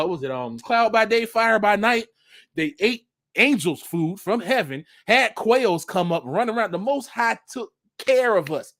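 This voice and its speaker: High-voiced man, animated slangy commentary. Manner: animated, slangy, laughs often. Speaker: vlogger. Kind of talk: casual religious commentary monologue.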